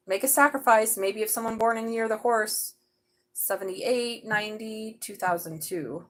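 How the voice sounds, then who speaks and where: Excitable, chatty woman tarot reader. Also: medium pitch, fairly quick, poor audio. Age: middle-aged. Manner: chatty, excitable, swears casually. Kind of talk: live tarot reading.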